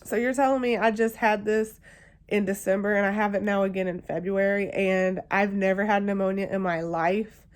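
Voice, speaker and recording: A woman's voice: medium pitch, steady tone, moderate pace, clear, resonant tone. Young woman vlogger, talking straight to camera, chatty and emotional, full of fillers. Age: young adult. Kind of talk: casual storytelling to camera.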